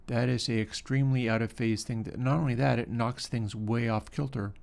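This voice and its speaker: Gravelly man musing through audio work. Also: mid-range voice, fairly quick. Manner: relaxed, musing, talks while working. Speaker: livestream host. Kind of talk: casual technical commentary.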